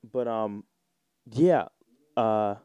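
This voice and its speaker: A young man in his twenties hosts his own podcast and talks loosely in slang, with a mellow, warm tone. His voice sits dry and close, with no room around it. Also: lowish voice, very slow, smooth, no room sound. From United States. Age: 20s. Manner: rambling, joking, slangy and irreverent. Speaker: podcast host. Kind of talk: casual solo podcast chat.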